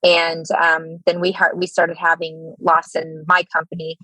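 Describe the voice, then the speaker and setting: A woman in her thirties with an American accent, a guest telling her Army stories in a candid interview, halting with many fillers and restarts. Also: low voice, monotone, pushed and bright, no echo, rough recording.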